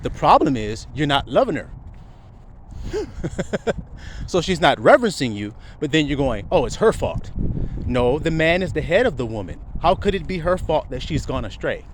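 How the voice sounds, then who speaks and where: A man's voice: a little high, big pitch swings, normal speed, a little hiss or hum. A man preaching a sermon to his flock, asking rhetorical questions and chuckling often.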